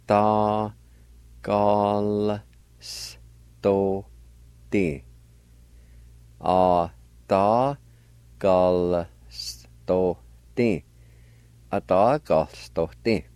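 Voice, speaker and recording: A man's voice: low voice, a little mellow, dry recording. A man teaching a language lesson on the radio, patiently spelling words letter by letter and sounding them out.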